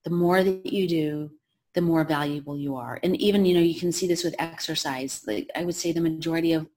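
A woman author and health coach talks as a podcast guest, telling a story with lively, animated energy. Her voice sits a little low for a woman. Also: a little fast, a little hiss or hum. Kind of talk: storytelling in an interview.

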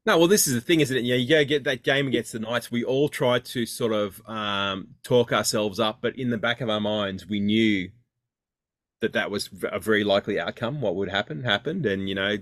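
A man's voice: fairly low pitch, a little fast, a bit bright, no room sound, studio quality. A man co-hosting a casual sports podcast, chiming in with wry asides. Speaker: podcast co-host.

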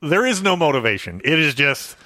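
Easygoing dude chatting movies, bright voice, lots of up and down. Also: male voice, a little high, sing-song, fairly quick, dry recording, studio quality. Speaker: podcast co-host. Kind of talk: casual movie discussion.

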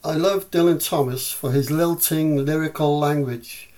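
A man with a Scouse accent, hosting a podcast and reading prose and poetry aloud in a measured way. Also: on the high side, darkish tone, soft background music. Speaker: podcast host and reader.

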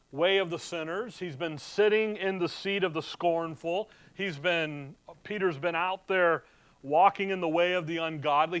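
A man's voice: fairly high pitch, a bit bright, clean tone. A middle-aged man as a pastor, preaching in a conversational way and reading scripture aloud to his church. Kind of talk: sermon.

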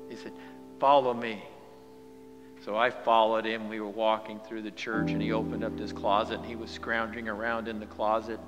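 A male pastor preaching in a church sanctuary, his voice dropping to near-whispers and then climbing into loud, ringing calls to the congregation. A long reverb trails each phrase, and guitar music plays underneath. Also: lowish voice, monotone, a little fast, hardly any pauses, lo-fi sound. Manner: swings from hushed near-whispers to loud, rising exhortation. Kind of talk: sermon.

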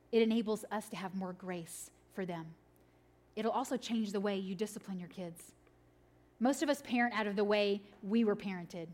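Lively woman preaching to moms. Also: on the high side. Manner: animated storytelling with laughs, then earnest and quiet. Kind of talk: sermon.

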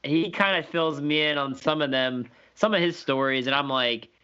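A man's voice: on the high side, normal speed, sharp tone, smooth. A man hosting a podcast in a laid-back, slangy way, dropping "dude" and "like" often. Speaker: podcast host. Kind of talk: casual chat. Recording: dull lo-fi audio.

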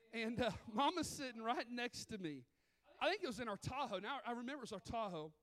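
A man preaching a sermon in a church, telling stories and acting out other people's voices. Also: high-pitched. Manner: animated, acts out voices in stories. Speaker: pastor. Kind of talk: sermon with storytelling. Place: church sanctuary.

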